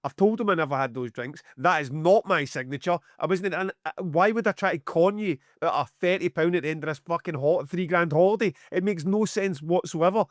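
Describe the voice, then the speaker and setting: Middle-aged Scottish man, podcast co-host; a fairly high voice, sweary storyteller, dry close sound. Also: brisk, few pauses, no echo. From Scotland. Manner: animated, heavy swearing, acts out dialogue. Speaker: podcast co-host, music promoter. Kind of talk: casual storytelling chat.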